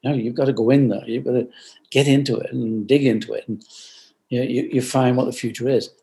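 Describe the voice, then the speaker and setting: This guest, a company founder and older man, talks over video with a steady, gravelly tone at a fairly quick clip. Earnest and thoughtful, he repeats phrases to circle back to ideas and lets his middle-range voice fall into hushed asides.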